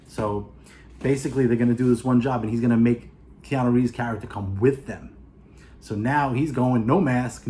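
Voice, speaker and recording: New york guy recapping a movie, jumps into character voices, bit of hiss behind him. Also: mid-range voice. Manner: animated, acts out characters' lines. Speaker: movie reviewer. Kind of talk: casual plot retelling.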